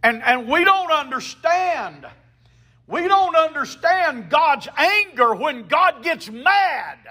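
A man's voice: very high voice, very animated, slow, bright, forceful tone. A man preaching a sermon as a pastor, emphatic, with call-and-response to the congregation.

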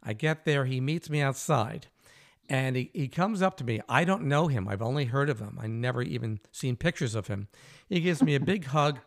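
A male host recounts a tale in a casual, animated way, acting out the quoted lines and laughing easily. His voice is mid-range and his pace moderate.

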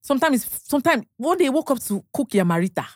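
A young Nigerian woman sits high in pitch and talks at a quick pace with very animated delivery and a darkish tone, recorded in clean studio sound with no echo. Speaking with a Nigerian accent, she guests on a podcast, telling stories casually, acting out exchanges and laughing a lot.

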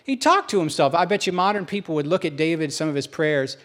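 A male pastor delivering a sermon in a chatty, joking way and often poking fun at himself. His voice sits a little high for a man. He moves easily between humor and earnest points. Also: lively intonation, fast talker, a bit bright. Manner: humorous, self-deprecating, conversational.

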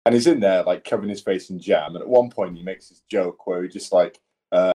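A man's voice: sits low, brisk, mellow. A man chatting casually on a podcast, a tattoo artist telling rambling, sweary stories. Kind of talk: casual chat.

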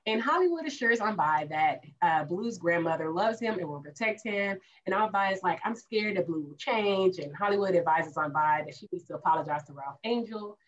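A woman co-host recaps an episode in casual podcast chat, acting out the characters' lines as she goes. Her pitch swings widely and stays lively. The recording sounds dull and lo-fi. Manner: animated, acts out characters' lines.

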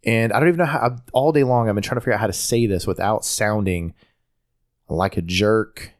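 A man's voice: on the low side, fairly quick. A man from North Carolina with a Southern accent, talking casually on a podcast in a rambling way, often restarting his sentences. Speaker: podcast host. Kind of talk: casual chat.

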